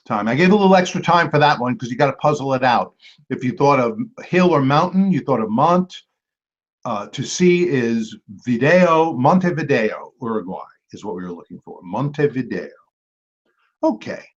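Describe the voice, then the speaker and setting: A man hosting a trivia game. He reads each clue twice and adds chatty asides and quick apologies to the teams. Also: mid-range voice, expressive. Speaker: quiz host. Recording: dull lo-fi recording.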